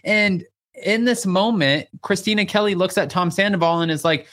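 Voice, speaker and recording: A man hosting a casual recap chat, lively, acting out quotes and swearing freely. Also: high-pitched, moderate pace. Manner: animated, acts out quotes, swears. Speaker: podcast host.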